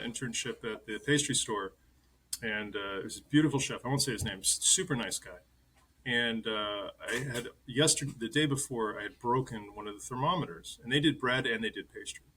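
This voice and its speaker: A man in his fifties, a chef interviewed as a guest, telling animated stories and chuckling as he goes. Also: medium pitch, a little hiss or hum, poor audio. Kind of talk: conversational interview storytelling.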